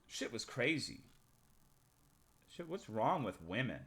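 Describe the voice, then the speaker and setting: A male streamer telling a rambling, profane personal story to his live chat, swinging between loud bursts and muttering. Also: medium pitch, sing-song, slow pace. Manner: profane, rambling anecdote with big swings in loudness.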